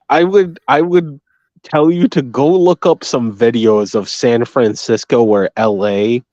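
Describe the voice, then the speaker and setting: A man with a Massachusetts accent, a guest on a casual livestream chat, blunt and profane and quick to laugh. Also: mid-range voice, a little mellow, no echo. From Massachusetts, United States. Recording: dry, dull lo-fi audio.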